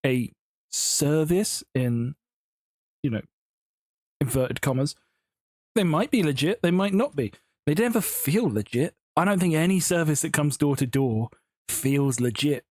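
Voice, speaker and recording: A Minecraft building YouTuber chats at home while he builds, rambling through stories and giggling. His voice sits on the high side with a darkish tone, and the studio recording is clean with no echo.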